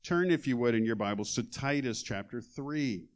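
A man preaching a sermon, reading scripture aloud with emphatic, measured delivery. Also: medium pitch, animated. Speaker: pastor.

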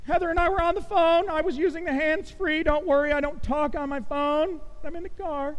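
Middle-aged male preacher, very high voice, animated self-mocking storyteller, church reverb. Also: a little fast. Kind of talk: storytelling sermon. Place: church sanctuary.

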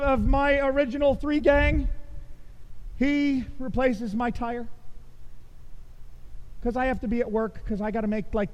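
High-voiced man preaching in echoing church. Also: muffled recording. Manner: animated, self-mocking storyteller with vocal sound effects. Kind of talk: storytelling sermon. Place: church sanctuary.

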